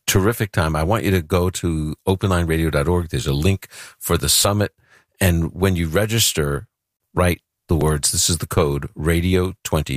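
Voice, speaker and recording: A man from Brooklyn hosting a call-in radio program in a loose, chatty way, with a few restarts. His voice sits extremely low and sounds dry and close. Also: dry recording. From Brooklyn, New York. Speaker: radio host taking calls. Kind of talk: casual call-in radio talk.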